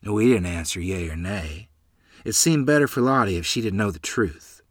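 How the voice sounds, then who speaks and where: A man reading his own childhood memoir aloud in a lively storytelling manner. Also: fairly low pitch, normal speed, dry recording, clean studio sound. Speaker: narrator.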